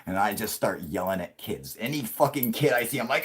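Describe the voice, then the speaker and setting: Low-voiced man swearing through a live chat. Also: expressive, fairly quick. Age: 30s. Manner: crude, profanity-heavy rambling with frequent laughs; puts on a yelling grumpy old man for jokes. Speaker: live stream host. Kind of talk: casual live-stream chat.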